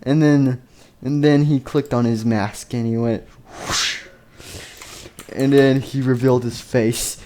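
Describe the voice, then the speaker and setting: A man's voice: medium pitch, steady tone, slow pace, darkish tone, slight background noise. A man improvising a story over game footage, rambling and playful with many fillers and restarts. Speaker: video narrator.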